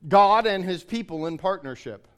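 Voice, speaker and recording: A man's voice: high voice, animated, normal speed, smooth. A man preaching a sermon, explaining his points in an earnest way and restating them.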